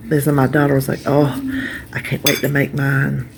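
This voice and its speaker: A woman's voice: extremely low pitch, completely flat delivery, moderate pace, vocal fry, background noise. A woman chatting casually to camera as a vlogger, talkative and heartfelt. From North Carolina, USA. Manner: chatty, warm-hearted, trails off and restarts.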